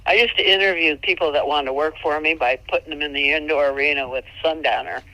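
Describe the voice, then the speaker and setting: Bright-voiced folksy woman trainer. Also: fairly even intonation, fast talker, dry recording, low-quality recording. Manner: folksy, chatty, laughs often, jumps into high playful tones. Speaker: mule trainer. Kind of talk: casual instructional chat.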